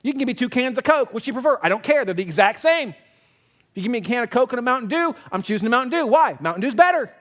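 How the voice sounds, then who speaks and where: A man preaching a sermon as pastor, telling a candid, self-deprecating story and moving between loud emphatic lines and hushed quiet ones. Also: very high voice, lively intonation, quick pace.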